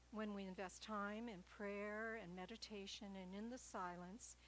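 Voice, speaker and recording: A woman preaching a sermon at a church service, telling stories in a gentle, light-hearted way. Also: medium pitch, a little hiss or hum, poor audio. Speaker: guest speaker at church.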